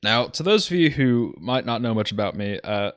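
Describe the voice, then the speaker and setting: A man's voice: mid-range voice, animated, moderate pace, dry recording, clean studio sound. A man from Alabama with a Southern accent, giving casual, rambling play-by-play commentary on a streamed game and often correcting himself as he goes. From Alabama, USA. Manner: rambling, self-correcting, chatty with his chat.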